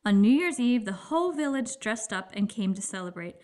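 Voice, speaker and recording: Woman narrator for a children's read-aloud, expressive storyteller, mid pitch. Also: a little fast.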